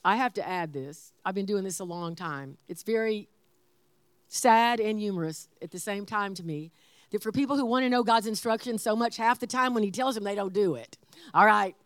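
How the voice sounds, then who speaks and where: A woman's voice: medium pitch, normal speed, dry recording. Older woman preaching, dry close sound. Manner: animated storytelling with laughter. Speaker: pastor. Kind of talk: sermon.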